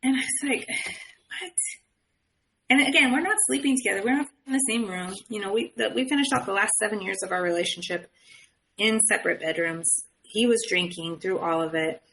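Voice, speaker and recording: A middle-aged woman candidly recounting her own story on a podcast, animated and quoting the people in it. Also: mid-range voice, a little fast, vocal fry, low-quality recording. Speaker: guest telling her story.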